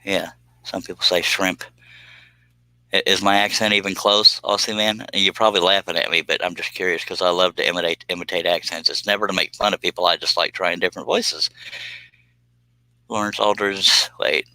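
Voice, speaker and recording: Low, forceful man. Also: fairly even intonation, a little fast, no echo, rough recording. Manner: joking, chatty, reads out viewer comments. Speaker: livestream host doing scroll saw work. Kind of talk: casual live-stream chat.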